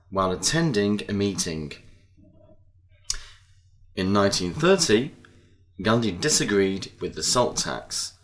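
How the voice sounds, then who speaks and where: Man, low voice, very slow pace, scripted lesson narration, careful word-by-word reading. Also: a bit bright. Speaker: narrator of language-lesson audio.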